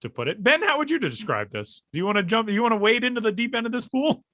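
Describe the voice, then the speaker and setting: A man hosting a podcast in casual chat, jokey and animated. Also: high-pitched, dry recording, clean studio sound. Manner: jokey, animated, quick laughs. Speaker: podcast host.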